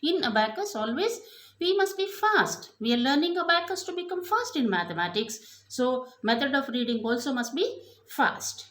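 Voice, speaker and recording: A woman teaching abacus counts numbers out slowly and deliberately, her high pitch swinging widely in a sing-song, slightly bright way. Her repeated step-by-step prompts have the patient rhythm of a math lesson, recorded in a noticeably echoey room.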